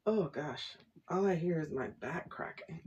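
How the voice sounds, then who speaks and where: A woman's voice: sits low, measured pace, darkish tone, muffled recording, a little hiss or hum. A woman hosting a casual tarot livestream from home, rambling and chatty, laughing often as she talks to viewers through her phone.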